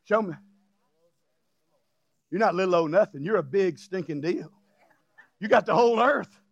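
High-voiced, gravelly preacher man. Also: lively intonation, normal speed, muffled recording. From Louisiana. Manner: emphatic preaching, bursts of shouting, jokey asides and chuckles. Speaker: pastor. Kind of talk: sermon.

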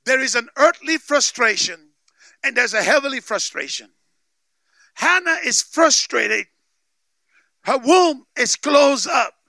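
A man preaching a sermon with emphatic call-and-response, often shouting for emphasis. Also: very high voice, lively intonation, slow pace, vocal fry, long pauses, no room sound. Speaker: pastor.

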